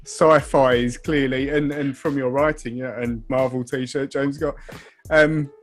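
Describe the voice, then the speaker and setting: A man's voice: medium pitch, steady tone, unhurried. Male co-host, mid voice, tentative questions, faint music. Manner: searching, hedging phrasing. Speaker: podcast co-host. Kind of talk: casual interview chat.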